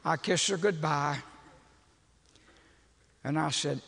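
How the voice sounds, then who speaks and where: An older man, telling a humorous story in a folksy, animated sermon. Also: on the high side, unhurried, gravelly, pauses often, slight background noise. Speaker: preacher. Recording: long reverb of a large hall.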